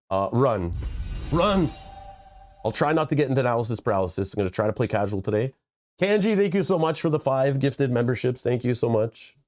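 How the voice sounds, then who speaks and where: A man's voice: medium pitch, mellow. A stuffy, nasal-sounding man rambling casually while hosting a live stream and thanking his viewers. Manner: rambling, joking asides. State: congested, nasal. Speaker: livestream host.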